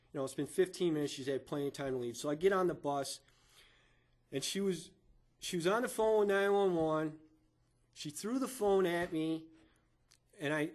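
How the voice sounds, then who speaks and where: A man giving emotional testimony in a courtroom, halting and stammering, often repeating his words as he recounts events. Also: a little high, darkish tone.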